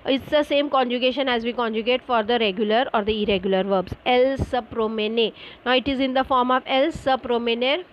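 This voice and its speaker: A woman teaches French online. She explains each answer slowly, pausing on fillers and spelling words out letter by letter, in the manner of a classroom correction session. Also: fairly high pitch, fairly even intonation, highs cut off, a little hiss or hum.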